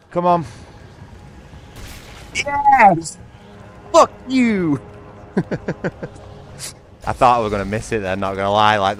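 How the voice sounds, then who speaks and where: A man with a British accent giving excitable live gameplay commentary, swearing often and talking straight to his viewers. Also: lowish voice, a little hiss or hum. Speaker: gaming streamer.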